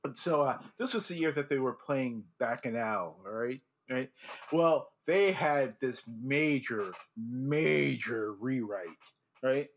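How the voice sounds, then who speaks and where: A man hosting a casual chat, telling animated stories full of restarts and laughter as a former judge. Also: mid-range voice, slow pace. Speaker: podcast host and former drum corps judge.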